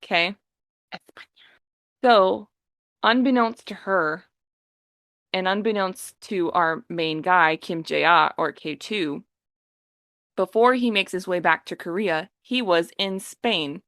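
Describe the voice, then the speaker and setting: A woman on a podcast, retelling a story in a lively, casual way and acting out the characters' lines. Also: on the low side, slow pace, pauses often, dry recording. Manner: animated storytelling, acting out quotes. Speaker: podcast co-host.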